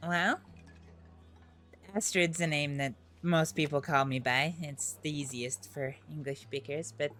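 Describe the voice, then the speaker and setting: A woman's voice: low-pitched, steady tone, a little slow, a bit bright, soft background music. A woman playing a polite young Nordic traveler with an Icelandic accent, giggly and courteous in a live game roleplay. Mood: amused. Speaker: streamer.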